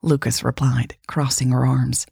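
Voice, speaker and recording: A woman narrating an audiobook in a measured, quietly dramatic reading, voicing dialogue softly. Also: rumbling low, little pitch movement, gravelly, husky, dry recording, clean studio sound.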